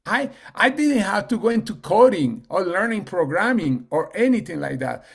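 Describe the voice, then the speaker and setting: A man giving a casual team training talk on a video call, halting, with many fillers and restarts. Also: sits high, very animated, creaky, husky. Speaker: team leader and coach.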